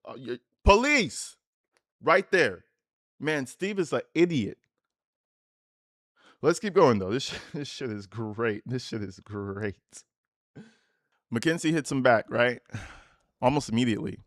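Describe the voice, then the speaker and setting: A man's voice: medium pitch, animated, slow, long pauses, fairly bright tone, no room sound. Guy doing a crude sarcastic reaction, dry close sound, mid voice, keeps laughing at stuff. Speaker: online commentator. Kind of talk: reaction commentary reading texts aloud.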